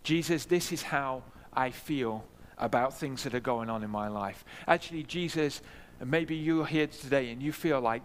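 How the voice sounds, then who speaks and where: Guy preaching a sermon, a bit high voice, long church reverb, earnest and repeats himself. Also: moderate pace, fairly bright tone, a little hiss or hum. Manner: earnest, repeats key phrases for emphasis. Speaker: pastor.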